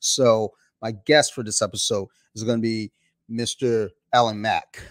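A man with a lowish voice and fairly even intonation speaks a little slowly as he hosts a podcast, rambling casually through laid-back stories with lots of fillers. He's recorded on a home podcast mic with no echo.

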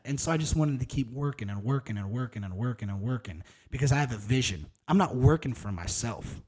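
A man's voice: medium pitch, lively intonation, brisk, hardly any pauses, a little mellow, breathy edge. A man in his thirties hosting a solo podcast, talking in a candid, rambling, profane and casual way. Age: 30s. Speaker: podcast host.

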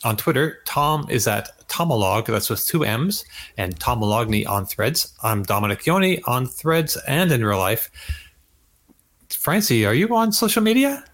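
A man hosts a podcast with a middling voice, moving briskly through casual chat and the closing plugs. He sounds friendly and at ease. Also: medium pitch, big pitch swings, a bit bright. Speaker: podcast host. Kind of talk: casual chat and show sign-off.

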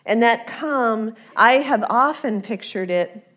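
Slow, earnest woman preaching a sermon. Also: fairly high pitch, expressive. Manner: conversational, earnest, drops to soft near-whisper for quoted invitations. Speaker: pastor.

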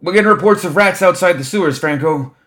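A man's voice: mid-range voice, fast talker, fairly bright tone, pitched above the performer's own voice, lightly acted. A man voicing an earnest male staffer who hollers his reports across a busy meeting in an audiobook. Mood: hollering. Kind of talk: audiobook character voice.

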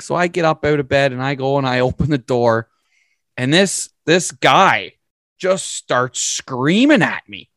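A man telling a long, profane story in a casual, animated way. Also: medium pitch, measured pace, no echo.

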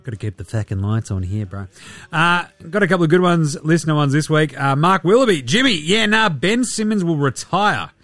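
A man rants through a casual sports podcast, swearing and sneering with mock voices. His voice sits a touch high. The sound is dry and close, with faint music playing behind him. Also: lively intonation, a little fast, a bit bright, dry recording. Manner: swearing, sarcastic, mocking impressions. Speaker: podcast host.

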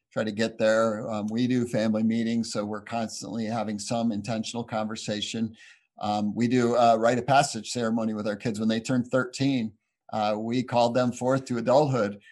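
Earnest pastor telling family stories. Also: male voice, mid-range voice, darkish tone. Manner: earnest, heartfelt storytelling with frequent "you know" fillers. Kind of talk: conversational interview answer.

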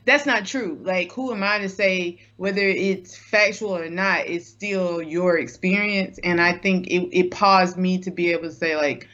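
Thoughtful woman with a bright, slightly dull sound. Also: lowish voice, steady tone, a little slow, few pauses. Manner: thoughtful, reflective, laughs easily. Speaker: guest co-host. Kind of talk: casual podcast chat.

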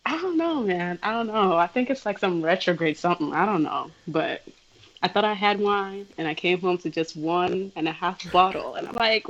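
Low-voiced woman co-hosting a chatty podcast. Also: moderate pace, muffled recording, a little hiss or hum. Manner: laid-back, joking, laughs easily. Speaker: podcast co-host. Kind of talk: casual podcast banter.

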